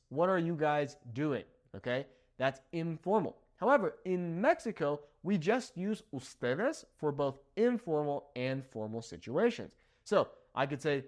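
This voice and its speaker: Animated young man teaching Spanish. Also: a little high. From Southern California. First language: English. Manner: checks in with "okay?" after nearly every point. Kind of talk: lively language lesson.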